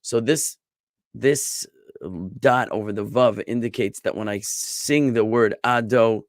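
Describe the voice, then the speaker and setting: Rabbi explaining, dry close sound. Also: male voice, medium pitch, fairly even intonation, measured pace, no echo. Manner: patient, repeats and drawls words to show syllable stress; thinks aloud with restarts and rhetorical checks. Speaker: rabbi teaching biblical Hebrew. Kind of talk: online class lecture.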